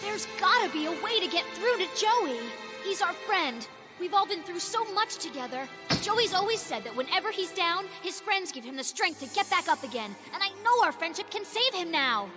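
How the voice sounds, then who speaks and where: An earnest teenage cartoon girl with a very high, heartfelt, pleading voice. Music plays clearly beneath her. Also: sing-song, normal speed, hardly any pauses. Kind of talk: cartoon dub acting.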